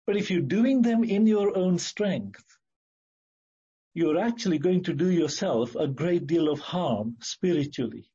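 A man preaching a sermon in an earnest, emphatic way, repeating key phrases and slowing down to stress words. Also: on the high side, warm tone, slightly rough, highs cut off.

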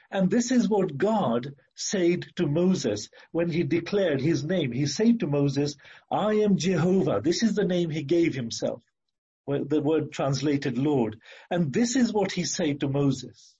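A man preaching a sermon, speaking slowly and deliberately and repeating his key phrases. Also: a little high, warm tone, breathy edge. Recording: dull lo-fi recording.

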